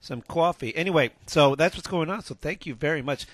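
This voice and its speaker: A middle-aged man co-hosting a casual radio talk show, loose and rambling, giving shout-outs into a studio mic. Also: a little high, fairly quick, no room sound. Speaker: co-host.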